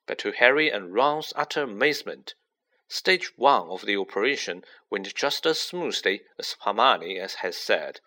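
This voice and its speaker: A man narrating a children's fantasy novel as an expressive audiobook reading. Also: on the low side, normal speed. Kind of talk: scripted storybook narration.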